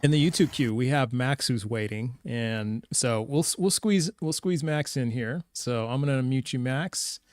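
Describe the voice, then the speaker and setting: A man's voice: medium pitch, moderate pace, few pauses. A man hosting a livestream debate, casual and emphatic, often repeating himself. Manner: animated, emphatic, repeats words. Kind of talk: casual chat.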